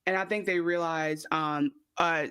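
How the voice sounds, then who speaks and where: A woman's voice: sits low, measured pace, clean tone, no room sound. Female podcast co-host, casual, jokey storyteller, dry mic. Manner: animated storyteller, loose and joking. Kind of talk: casual chat.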